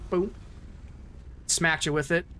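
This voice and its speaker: A man's voice: on the high side, steady tone, takes it slowly, sharp tone. Laid-back man chatting over gameplay. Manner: laid-back, joking, talks through his plans. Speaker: gaming streamer. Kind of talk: casual gameplay commentary.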